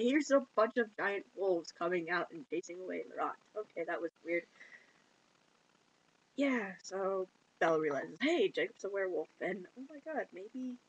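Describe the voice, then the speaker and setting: A woman's voice: medium pitch, breathy edge, poor audio. Chatty woman retelling a movie plot, laughs a lot, does little character voices. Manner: giggly, acts out lines in quick put-on voices. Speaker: movie reviewer. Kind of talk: casual plot recap with playful voices.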